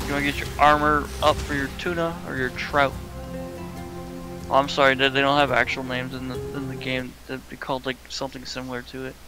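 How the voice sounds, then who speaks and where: A man's voice: medium pitch, flat delivery, a little fast, poor audio. A man streaming a game in casual chat, cracking goofy jokes and wordplay over game music.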